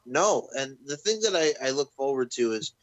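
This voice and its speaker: A man co-hosting a casual wrestling podcast, relaxed and slangy. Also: medium pitch, normal speed, dry recording, rough recording. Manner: laid-back, slangy. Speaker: podcast co-host.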